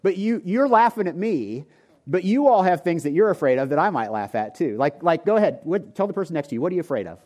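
A man's voice: sits high, big pitch swings, fairly quick, a little mellow. A man in his forties, a pastor preaching a sermon in a joking, conversational way and talking directly to the congregation. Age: 40s. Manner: joking, conversational, talks to the audience. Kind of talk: sermon with humorous storytelling. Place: church before a live congregation.

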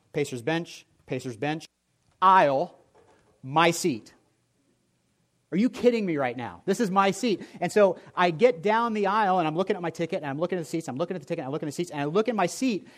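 A male pastor delivering a sermon in a church, his voice sitting a little high for a man. He preaches with a storyteller's humor and swings his volume up and down for emphasis. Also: animated, fast talker.

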